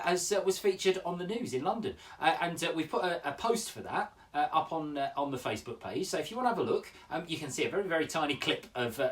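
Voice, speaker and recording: A man in his forties hosts a poetry show from his home, chatty and upbeat with plenty of fillers. His pitch bounces around a lot. He sits some distance from the mic. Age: 40s. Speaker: poet hosting a daily poetry show. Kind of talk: casual home broadcast. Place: home room.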